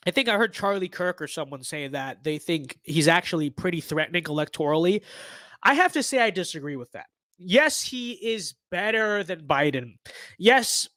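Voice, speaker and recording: A man's voice: high voice, bright, forceful tone, dry recording. A young man with a stuffy nose, giving blunt, sarcastic and rambling political commentary in a casual livestream.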